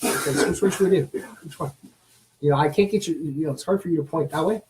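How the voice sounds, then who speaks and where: A man's voice: on the high side, quick pace, background noise. Chatty man cooing over a baby lizard. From Canada. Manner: chatty, many fillers, coos softly at the animal. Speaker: streamer showing a pet lizard. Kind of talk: casual livestream chat.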